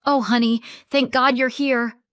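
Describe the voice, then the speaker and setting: A woman's voice: big pitch swings, measured pace, a bit bright, dry recording, clean studio sound, heavily acted. A woman voicing a grasping, meddling grandmother who snaps, spits words and turns syrupy. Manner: snapping, syrupy and shrill. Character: grasping grandmother, sugary then snapping.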